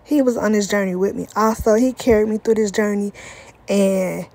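A woman's voice: mid-range voice, normal speed, dark tone. A young woman, vlogging an emotional personal testimony with repeated emphasis and talk straight to viewers. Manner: repetitive emphatic phrasing, addresses viewers as y'all.

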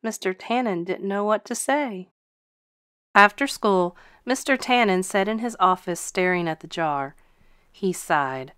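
A woman teacher reading a children's picture book aloud in an expressive, sing-song storytelling voice, close to the mic. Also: medium pitch, a little slow, clear, resonant tone, no room sound.

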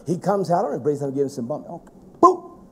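Middle-aged preacher guy, high mellow voice, yells then drops way down quiet. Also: very animated, fast talker, a little hiss or hum. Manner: swings between shouting and hushed low tones. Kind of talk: fiery sermon.

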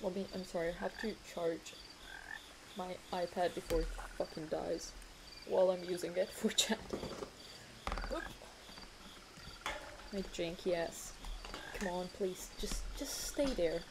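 A woman's voice: on the low side, a little slow, long pauses, noisy background. A young woman streaming a game, chatting effusively, apologizing often and swearing casually, sometimes while eating. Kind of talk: casual let's-play commentary. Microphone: desk mic. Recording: game music behind the voice. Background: game music.

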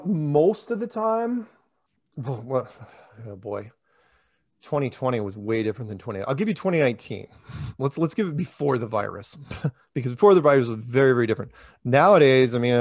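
A man talks in a loose, animated ramble, acting out quoted dialogue with bursts of excitement and sudden drops in volume. He sits at an ordinary middle pitch. The room sounds dry and close, with almost no echo. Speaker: interviewee, flat earth public speaker. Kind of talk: casual storytelling interview.

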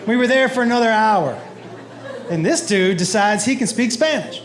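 High-voiced man doing stand-up. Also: a crowd in the background, noisy background. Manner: animated, acts out his son and others in quick voices. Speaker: stand-up comedian. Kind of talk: stand-up comedy storytelling. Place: comedy club stage. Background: audience laughter.

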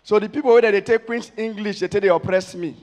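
A man with a Nigerian Pidgin accent from Warri doing stand-up comedy on stage, chatty and animated, building to loud punchlines. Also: high-pitched, fast talker. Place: stage before a live audience.

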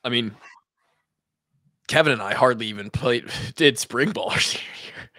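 A young man from Iowa, a former player co-hosting a podcast, tells a story in a lively, swearing, casual way and acts out the quotes. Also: medium pitch, normal speed, no room sound, studio quality.

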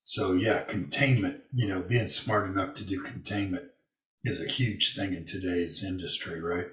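A man telling a work story in a relaxed interview, using lots of fillers and acting out what people said. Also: low voice, normal speed, reverberant, distant mic, low-quality recording. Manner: storytelling with many fillers and acted-out quotes. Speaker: guest. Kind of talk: conversational interview.

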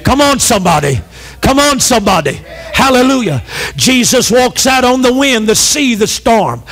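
A middle-aged pastor with a notably high voice delivers a fervent sermon. He calls on the congregation to answer back and repeats key phrases, climbing into shouts. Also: sing-song, moderate pace. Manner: impassioned preaching with call-and-response.

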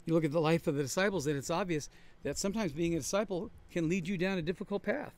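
A man with a fairly high voice preaches to his congregation. He talks in an earnest, conversational way and leans on repetition to make his points land. His tone stays steady and plain throughout the sermon. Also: quick pace. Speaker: pastor. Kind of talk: sermon-style Bible study. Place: traveling, on the road.

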